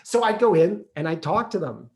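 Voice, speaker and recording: A man performing a solo theatrical monologue, animated and playful, acting out the people in his story. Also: high-pitched, moderate pace, echoey room. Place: theater stage.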